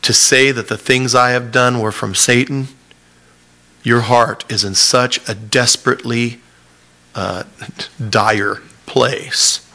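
A man preaching a sermon, reading scripture aloud and explaining it in an earnest, animated way. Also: mid-range voice, slow pace. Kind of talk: sermon-style Bible teaching.

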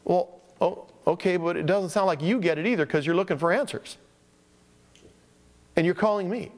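A man preaching a sermon to his church, telling personal stories in an easy, conversational way. His voice sits a little high for a man. The sound carries the long reverb of a large hall. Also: normal speed. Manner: conversational storytelling, acting out callers' voices. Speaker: pastor.

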